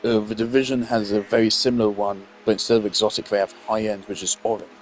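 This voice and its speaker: A man's voice: lowish voice, steady tone, quick pace, faint music behind. Tired, opinionated young gaming streamer man. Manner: chatty and opinionated, trailing off into mumbles. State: tired, yawning. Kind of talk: casual let's-play commentary.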